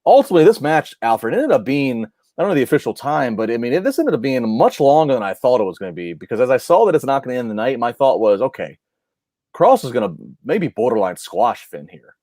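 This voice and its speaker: Male podcast co-host, mid-pitch, dry close sound; animated, restarts a lot mid-sentence. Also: quick pace, few pauses, no room sound. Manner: animated match recap with lots of restarts. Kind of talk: casual review chat.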